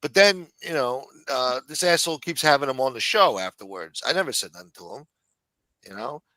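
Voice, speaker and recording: A male livestream host talking in a blunt, exasperated, profane way. His voice sits at an ordinary middle pitch. The sound is dry and close, with little room around it. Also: animated, fairly quick, bright, forceful tone, no echo, low-quality recording. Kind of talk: casual livestream chat.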